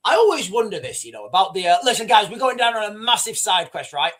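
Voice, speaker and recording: A man's voice: high-pitched, sing-song, fast, a bit bright. A man hosting a live stream, talking in a rambling, conversational way to his viewers and reading their chat comments. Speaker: livestream host.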